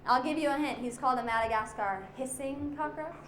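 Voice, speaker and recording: A high-pitched woman leads a children's animal talk, playful and constantly quizzing the audience. Her voice rings in an echoey room with faint background noise. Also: brisk. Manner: lively, playful, asks the audience questions. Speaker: zoo educator.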